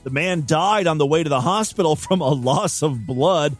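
A podcast host with a fairly high-pitched male voice reads odd news stories aloud at a normal speed, cutting in with wisecracking, mock-outraged asides. It's comic news commentary for a comedy podcast, with faint music in the background.

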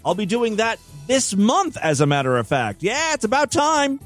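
A male podcast host with a fairly high voice that swoops up and down all the time. He reads strange news with comic timing and keeps cutting in with wisecracks and mock outrage. A little music sits faintly behind him. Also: sing-song, moderate pace, a bit bright.

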